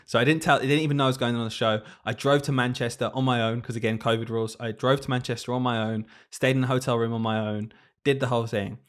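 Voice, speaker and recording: A young man telling a story in casual podcast chat, animated and laughing often. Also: mid-range voice, quick pace, hardly any pauses. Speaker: podcast co-host, teacher.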